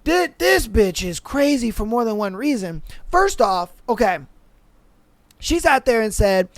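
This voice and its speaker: A podcast host recapping reality TV in a casual, profane, animated rant full of slang. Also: medium pitch, measured pace, dry recording.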